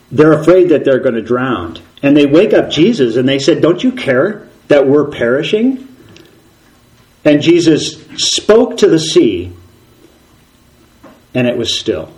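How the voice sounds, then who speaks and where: A man's voice: medium pitch, darkish tone, rough recording. A man preaching a sermon, earnest and conversational, with frequent rhetorical questions and occasional ums and restarts.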